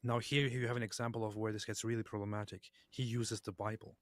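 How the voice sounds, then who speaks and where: A man's voice: fairly low pitch, little pitch movement, fast talker, no room sound. A man co-hosting, commenting earnestly and incredulously on clips. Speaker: co-host. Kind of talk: casual chat.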